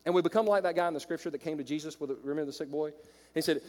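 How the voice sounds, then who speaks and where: A man with a Southern American accent preaching a sermon to his congregation, shifting from loud exclamations to quiet storytelling. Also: on the high side, racing. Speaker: pastor. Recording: long reverb of a large hall.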